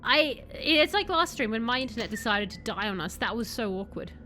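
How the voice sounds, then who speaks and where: Bright-voiced woman streaming. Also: a little high, brisk, faint music behind. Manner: chatty, rambling, bursts of excited yelling. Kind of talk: casual let's-play chat with viewers.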